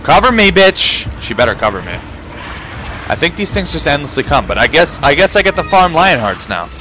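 A man commentating a video game playthrough, swearing constantly and shouting when panicked. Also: fairly high pitch, very animated, brisk, a little hiss or hum. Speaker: gamer. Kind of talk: profane let's-play commentary. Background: game music and sound effects.

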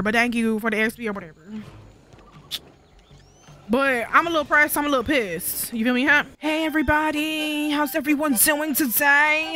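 A woman's voice: high-pitched, bright, forceful tone. A woman streaming a video game with casual, sassy, profane commentary, talking back to the characters on screen. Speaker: gaming streamer. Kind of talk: casual let's-play commentary.

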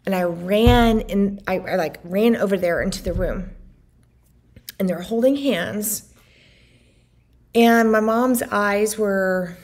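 A woman vlogger who is also a family caregiver tells her viewers a personal story, her mid-range voice a little mellow. She speaks earnestly and emotionally, saying "like" constantly, along with "you know."

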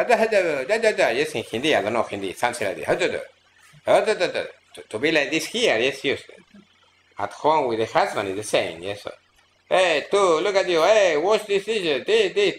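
A man as a spiritual teacher at a seminar, speaking in an earnest, admonishing way, with halting, repetitive phrasing and many restarts. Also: medium pitch, fairly bright tone, a little hiss or hum. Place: seminar room at an ashram in India.

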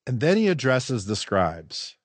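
Animated, emphatic male pastor preaching. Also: medium pitch, measured pace, no room sound. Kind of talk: sermon. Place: church.

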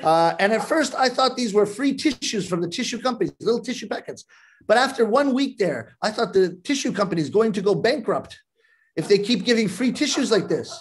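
Canadian man giving a humorous talk over a video call, fairly high voice, slips into voices of people in his stories. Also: lively intonation, a little fast. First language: English. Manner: comic, acts out voices of others.

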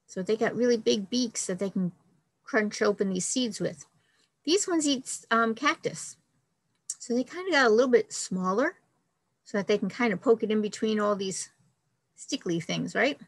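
A woman's voice: on the high side, moderate pace, no echo, low-quality recording. Upbeat woman librarian teaching kids. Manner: friendly, upbeat, talks to children. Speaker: children's librarian. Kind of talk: storytime reading and kids' science lesson.

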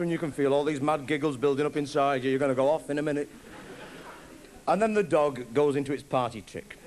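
A middle-aged man telling a rambling stand-up story and acting out both sides of awkward chats. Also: a little high. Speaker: stand-up comedian. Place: theatre stage before a live audience. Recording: live concert recording, audience noise.

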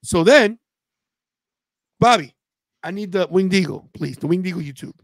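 Podcast host, male, high-pitched, chatty storyteller; dry close mic. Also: moderate pace, no echo. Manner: animated storyteller, quotes friends in a loose slangy way. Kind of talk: casual watch-party chat.

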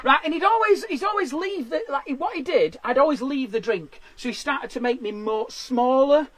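A man with a Yorkshire accent hosting a stand-up comedy show from a shed, chatty and full of quick asides. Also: extremely high pitch, expressive, fairly bright tone, no room sound. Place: garden shed.

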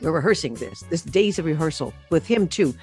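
A woman's voice: low voice, a little fast, faint music behind. Chatty woman singer telling stories. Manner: animated, many fillers and restarts, laughs often. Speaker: singer recalling her career, interview guest. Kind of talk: casual storytelling interview.

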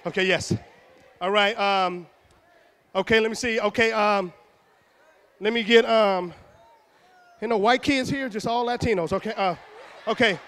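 A man from Houston entertaining a middle school assembly, teasing and calling out loudly to the kids. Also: high voice. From Houston, Texas. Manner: loud, teasing, calls out to the audience. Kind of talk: joking live show banter with a crowd. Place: middle school gym or auditorium.

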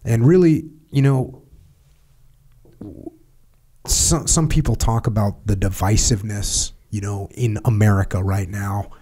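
A middle-aged man hosting a podcast, reading a passage aloud in a measured, emphatic way and then reflecting in low-key, rambling talk. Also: warm tone, slightly rough. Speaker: podcast host.

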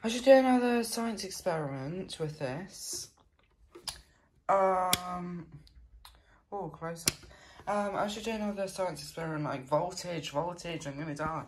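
A woman with a hoarse, failing voice, chatting casually and rambling in a silly vlog. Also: fairly low pitch, lively intonation, unhurried, background noise. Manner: rambling, silly, filler-heavy. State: hoarse, losing her voice. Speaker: vlogger.

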